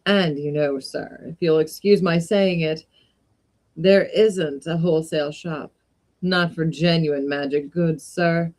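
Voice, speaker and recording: A woman reading a story aloud, voicing a tall, uncanny male magic shopkeeper who speaks in a deliberate, politely insistent way. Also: sits low, fairly even intonation, a little mellow. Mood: courteous.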